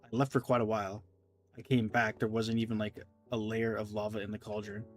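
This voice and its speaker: A man's voice: on the low side, flat delivery, fairly quick. A man giving casual, rambling gameplay commentary as a streamer, self-deprecating and reading chat, over faint game music. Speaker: gaming streamer.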